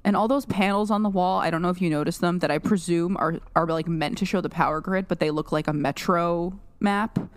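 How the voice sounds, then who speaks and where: A woman's voice: on the low side, a little fast, hardly any pauses, dry recording. A woman co-hosting a podcast in casual chat, chatty and giggly with lots of filler words. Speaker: podcast co-host.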